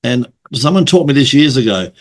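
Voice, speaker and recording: A man's voice: mid-range voice, lively intonation, fairly quick. Chatty man telling sales yarns. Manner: storytelling, swears, acts out quoted voices. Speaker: podcast host. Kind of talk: casual interview chat.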